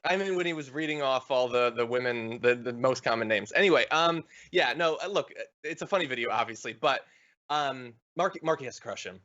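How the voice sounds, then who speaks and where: A man hosting a political commentary show, animated and quick with asides. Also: medium pitch, muffled recording. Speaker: host.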